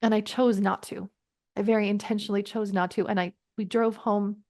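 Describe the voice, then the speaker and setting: A woman in her thirties, a parenting coach, telling a personal story in an earnest, reflective way with quick asides. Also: mid-range voice, flat delivery, a little mellow. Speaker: podcast guest, parenting coach. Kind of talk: conversational storytelling.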